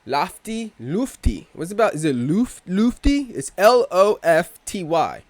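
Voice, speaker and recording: A man's voice: a little high, big pitch swings, normal speed, dry recording. Rambling, slangy male vlogger. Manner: rambling, profane, self-interrupting with slang. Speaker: crypto video host. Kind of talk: casual rambling vlog talk.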